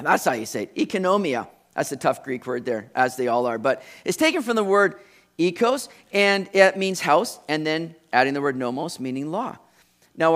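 A man's voice: high voice, fairly bright tone. A middle-aged male pastor preaching a sermon in a conversational teaching manner, acting out quotes as he explains the passage.

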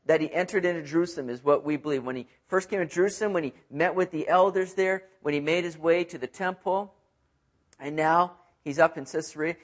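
Conversational male preacher with emphatic asides. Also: high voice. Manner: emphatic, repeats words when stressing a point. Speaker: pastor. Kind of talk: expository sermon.

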